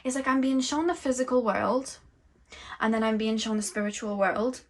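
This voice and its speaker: A young woman giving a tarot reading, musing slowly and dreamily as she channels messages. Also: on the high side. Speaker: tarot reader.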